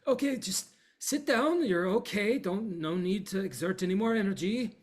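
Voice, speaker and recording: Guy doing a bossy protective lady, voice jacked way up, loud. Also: sits high, expressive, moderate pace, voice pushed up. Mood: soothing. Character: stern female companion, protective and scolding.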